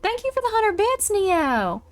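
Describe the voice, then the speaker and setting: A woman's voice: very high-pitched, sing-song, measured pace, dry recording. A woman streamer chatting playfully with her audience while playing a horror game. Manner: chatty, playful, does silly voices. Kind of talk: casual live-stream gameplay chat.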